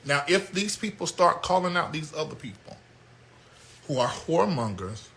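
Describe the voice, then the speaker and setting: High, lively American man ranting. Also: normal speed. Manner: animated, blunt, yelling outbursts. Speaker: host. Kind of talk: comedic commentary rant.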